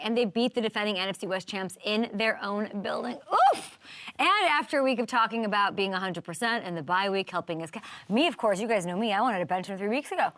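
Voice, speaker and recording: A woman hosting a sports talk show, animated and joking, riffing fast on the weekend's games. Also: mid-range voice, no echo. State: out of breath. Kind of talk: energetic sports talk monologue.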